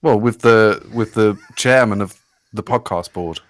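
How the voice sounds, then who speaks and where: A man co-hosting a casual podcast, sweary and mock-boastful with a deadpan edge. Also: on the low side, measured pace, no echo. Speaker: podcast co-host. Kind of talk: casual banter.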